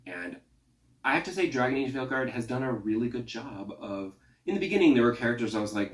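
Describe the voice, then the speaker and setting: A man hosting a gaming podcast, chatting casually and acting out his own reactions and the game's characters in quick quotes. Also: medium pitch, distant mic. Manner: chatty, acts out quotes of himself and game characters. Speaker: podcast host. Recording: echoey room, off-mic.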